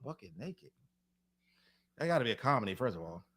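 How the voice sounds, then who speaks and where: A man co-hosting a podcast in casual chat, rapid and animated, cursing freely and repeating words as he restarts. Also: fairly low pitch. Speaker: podcast co-host.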